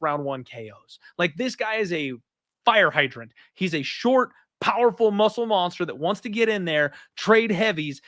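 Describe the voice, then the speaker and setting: Blunt, fast-talking podcast host man. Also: high voice, dry recording, studio quality. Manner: animated, blunt, opinionated. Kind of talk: casual betting podcast chat.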